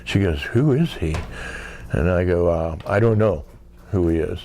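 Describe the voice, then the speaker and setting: In a casual storytelling interview, an American man in his sixties spins a long, wandering anecdote, dropping "you know" often and acting out lines of dialogue. His low, mellow voice moves at normal speed, with a little hiss or hum in the recording.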